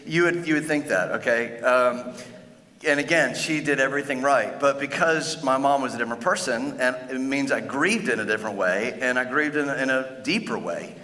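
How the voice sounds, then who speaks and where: Middle-aged male pastor, earnest, halting delivery, bright forceful tone, long church-hall reverb. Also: medium pitch. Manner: earnest, halting, with frequent restarts. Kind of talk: sermon.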